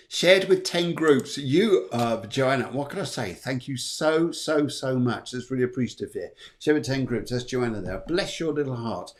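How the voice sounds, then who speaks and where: A middle-aged man hosts a live astrology show. He talks casually, rambles, jokes and thanks his viewers. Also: medium pitch. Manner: jokey, rambling, warm thanks to viewers, puts on silly voices. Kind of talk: chatty live-stream horoscope reading.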